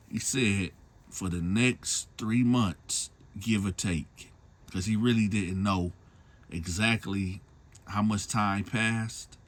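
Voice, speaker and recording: A man's voice: lowish voice, a bit bright. A man retelling a story in a loose, slangy way, often tagging lines with a question. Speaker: storyteller host. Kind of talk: casual storytelling.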